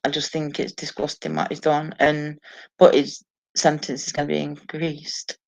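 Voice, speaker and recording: A woman's voice: low voice, completely flat delivery, normal speed, gravelly. A woman hosting a casual live stream at home, chatting to viewers with frequent swearing and laughter. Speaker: live stream host reading viewer comments. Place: home, sitting alone. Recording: dull lo-fi sound.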